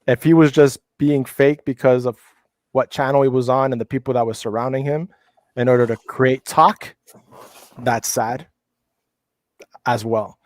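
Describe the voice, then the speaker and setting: A man's voice: medium pitch, steady tone, measured pace, pauses often, no room sound. Heated, profane man on a panel. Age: middle-aged. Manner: heated, profane, many restarts. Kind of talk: casual panel chat.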